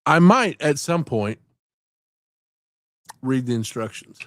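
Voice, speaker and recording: A man's voice: mid-range voice, animated, slow pace, a bit bright, dry recording. A man hosting a casual live stream, rambling and joking with frequent laughter. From southern United States.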